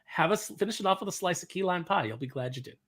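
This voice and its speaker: A man's voice: high-pitched, lively intonation, racing, fairly bright tone, slightly rough. A man in a casual pop culture chat, telling anecdotes and giving firm opinions. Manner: storytelling, opinionated. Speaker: podcast co-host.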